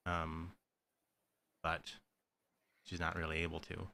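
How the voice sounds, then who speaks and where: A man's voice: low voice, monotone, unhurried, gravelly, long pauses, pushed and bright, slight background noise. A man co-hosting a podcast, casually recapping a horror movie with lots of fillers and profanity. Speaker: podcast co-host.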